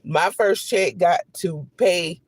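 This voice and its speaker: A man content creator telling an animated, repetitive storytime straight to his viewers. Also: sits high, takes it slowly, no room sound. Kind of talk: storytime vlog.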